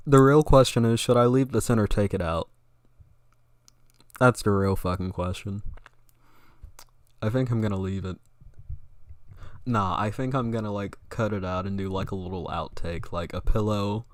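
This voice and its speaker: A man's voice: on the low side, moderate pace, long pauses, dry recording. A young man giving casual stream commentary in a sarcastic, mocking tone, swearing often, close to a studio mic. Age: young adult.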